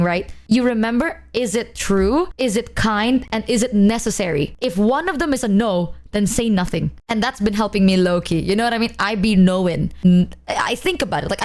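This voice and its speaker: A young adult woman streaming, chatting casually and rambling, often losing her thread and laughing. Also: mid-range voice. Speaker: VTuber streamer.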